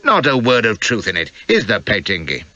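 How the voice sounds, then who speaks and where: Male reader doing a jolly callous captain, fortyish, breezy teasing banter, bright lively voice, audiobook. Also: on the low side, a little fast, no echo, dull audio, full character voice. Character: hearty fortyish male adventurer leader, grinning, callous. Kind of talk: audiobook character voice.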